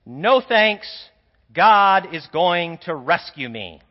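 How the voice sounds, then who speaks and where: A stubborn stranded man who keeps refusing help, as a high-voiced priest puts him on. He sounds firm and insistent, and the dull recording rings with a long church echo. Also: big pitch swings, moderate pace.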